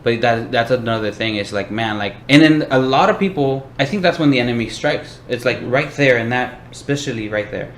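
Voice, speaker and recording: A man hosting a casual Christian discussion, talking in a relaxed, rambling way with plenty of "like" and "bro". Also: medium pitch, brisk, hardly any pauses. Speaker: podcast host. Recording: echoey room with faint hiss.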